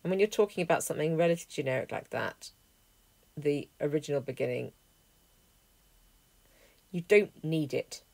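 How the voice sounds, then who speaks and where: Low-pitched woman teaching greek, slow and careful word by word, dry close mic. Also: expressive, darkish tone, dry recording. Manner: clear, methodical explaining, word by word. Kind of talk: lesson walkthrough.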